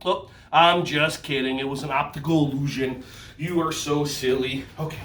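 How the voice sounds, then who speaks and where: A man's voice: a little high, normal speed. A man teaching a playful yoga stretch lesson for kids, goofy and jokey, in a roomy recording from a distance. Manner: goofy, animated, jokey with children. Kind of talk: playful kids' movement lesson.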